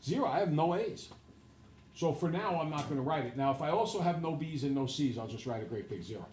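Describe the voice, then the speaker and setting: A man's voice: on the high side, animated, fast talker, a little mellow, slight background noise. Man teaching a math class. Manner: lecturing students, then working problems with the class.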